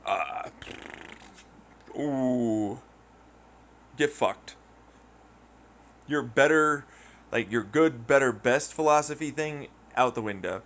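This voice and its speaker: A man's voice: mid-range voice, animated, slow pace, pauses often, fairly bright tone. A man ranting casually and profanely, rambling through a story and acting out quoted voices in mocking tones. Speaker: podcast host. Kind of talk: casual rant.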